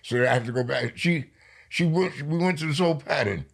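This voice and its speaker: An older man from New York, a poet being interviewed, telling stories in a lively way and slowing down for emphasis. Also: on the high side, creaky. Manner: lively storyteller, slows down for emphasis. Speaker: poet guest. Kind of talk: storytelling interview.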